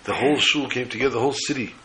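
A man's voice: mid-range voice, racing, slight background noise, rough recording. A man telling a religious story as a sermon, acting out the characters' voices with feeling. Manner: animated storyteller voicing characters.

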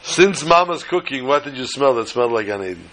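Bright-voiced man telling folksy stories. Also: mid-range voice, animated, fairly quick. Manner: folksy, joking asides. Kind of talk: storytelling talk to a small gathering.

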